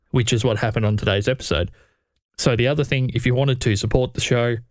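A lowish-voiced man hosts his podcast in a relaxed, rambling manner, still in his morning voice. The sound is dry and close, with no room around it. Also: no room sound. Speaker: podcast host. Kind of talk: casual interview intro.

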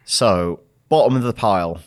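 A man's voice: on the low side, moderate pace. A man, co-hosting a casual film review chat, who analyses scenes and steers the discussion. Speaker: podcast co-host.

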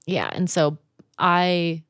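A young woman tells a story in casual conversation, slightly low-pitched for a woman. She is animated, laughs often and swears easily. The sound is dry and close. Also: very slow, no room sound. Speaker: guest telling a camping story.

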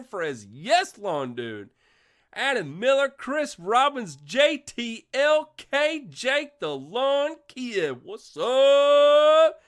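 This livestream host has a high-pitched voice and keeps coughing, stuffed up by a sinus infection. He runs a casual show and enthusiastically shouts out his viewers.

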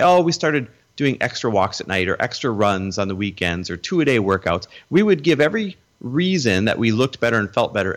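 A man's voice: mid-range voice, gravelly. A middle-aged man telling his story as a guest in an interview, acting out the voices of the people he quotes.

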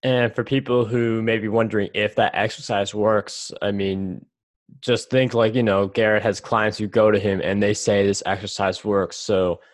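A man's voice: on the low side, little pitch movement, moderate pace, no echo. A man hosting a podcast, talking in a loose, reflective way with many fillers. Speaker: podcast host. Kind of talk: casual podcast conversation.

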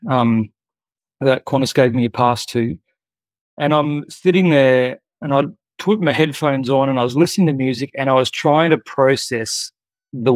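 A man's voice: mid-range voice, dry recording. Earnest man telling a story. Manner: earnest, heartfelt, with frequent fillers. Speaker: guest. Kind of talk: conversational storytelling.

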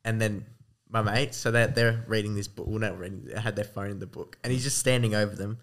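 A man's voice: fairly low pitch, fairly even intonation, a little fast, fairly bright tone. A teenage man as a guest in a casual chat, laid-back with short replies. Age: teens.

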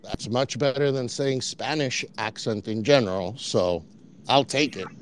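A man's voice: medium pitch, a little slow, slight background noise. A man arguing angrily in a live audio chat, swearing often. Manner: angry, swearing, mixing in curses in another language.

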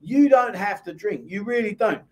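High-voiced London man chatting. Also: expressive, moderate pace. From England. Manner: chatty, reads viewer comments aloud and answers them. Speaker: host. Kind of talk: casual live-stream chat.

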